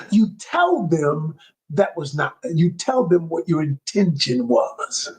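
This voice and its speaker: A man with a husky, slightly breathy voice gives a motivational coaching talk, his pitch swinging up and down with lively emphasis. He speaks straight to his listeners, repeats key lines for effect, and now and then drops his voice low to show calm. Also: slow pace, rough recording. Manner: emphatic and repetitive, addresses listeners directly. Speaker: communication coach.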